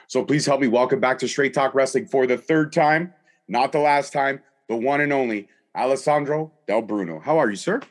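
Man, podcast host, thirties, casual chat, jokey, swears freely, mid pitch. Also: moderate pace.

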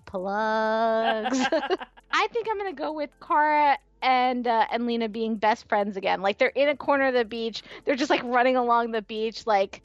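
A woman's voice: on the high side, expressive, moderate pace, dry recording, dull audio. A woman co-hosting a fan podcast in playful, giggly casual chat, often laughing. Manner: giggly, playful, often slips into a robotic character voice. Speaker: podcast co-host.

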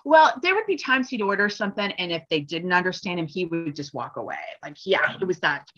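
A woman's voice: lowish voice, animated, brisk, fairly bright tone. A middle-aged woman from Wyoming, a professor and guest, chatting casually with lots of fillers and "you know". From Wyoming, USA. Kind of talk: casual conversation. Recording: dull lo-fi sound.

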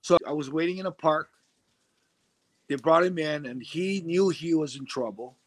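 A middle-aged man telling a story in a casual interview, animated and acting out the voices of the people he quotes. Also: fairly high pitch, moderate pace. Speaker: interview guest.

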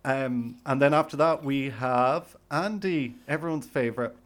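A man's voice: mid-range voice, measured pace. A man with an Irish accent co-hosting a podcast, chatting in a rambling, self-mocking way. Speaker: podcast co-host. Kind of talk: casual chat.

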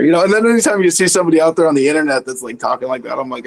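A man's voice: on the high side, rapid-fire, few pauses. A man as a podcast guest, chatting casually and animatedly about spirituality, swearing freely and mocking his own inner voice.

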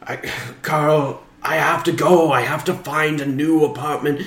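A man improvising comedy scenes with theatrical, drawn-out exclamations. He speaks slowly in a high voice. The sound is roomy. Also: steady tone, vocal fry, fairly bright tone. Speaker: comedy podcast co-host, improviser. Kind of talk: improvised comedy role-play.

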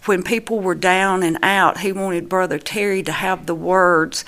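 A middle-aged woman, a mother giving personal testimony in an earnest, halting way with many restarts. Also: lowish voice, fairly bright tone.

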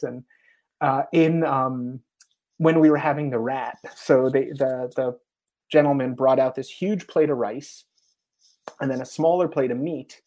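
Guest voice: American man, mid-pitched, lively storyteller who laughs often. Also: normal speed. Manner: animated anecdotes with frequent laughs and acted quotes. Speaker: guest, TV traveler. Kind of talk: casual storytelling interview.

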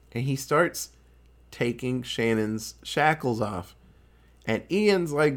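A man casually recapping a film plot, swearing freely and acting out the characters' lines in quick put-on voices. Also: mid-range voice, very animated. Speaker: podcast co-host recapping a film. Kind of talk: casual chat.

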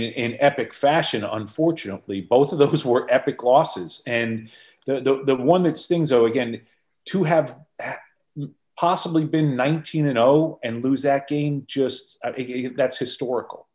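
A man guesting on a podcast, a mid-pitched voice that sits right in the ordinary range. He tells stories with animation and keeps restarting his sentences. He talks like someone recounting his own experiences. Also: normal speed. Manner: animated storyteller, frequent restarts. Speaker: podcast guest, former football executive. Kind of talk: conversational interview storytelling.

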